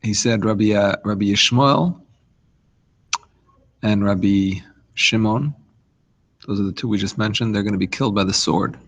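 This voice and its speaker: Gravelly man teaching a casual Torah class. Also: lowish voice, normal speed, pauses often, fairly bright tone, rough recording. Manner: conversational, explains with asides and restarts. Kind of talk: informal Torah lesson.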